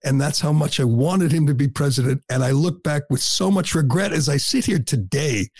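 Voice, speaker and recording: A man's voice: a little high, normal speed, darkish tone, slightly rough, no echo, studio quality. A middle-aged man hosting a talk show, delivering a blunt, combative and scornful opinion monologue.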